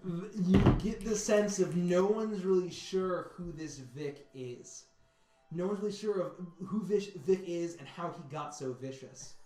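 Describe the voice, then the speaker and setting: A man narrating a tabletop game as game master, halting and repeating words as he describes scenes. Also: sits high, warm tone. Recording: echoey room.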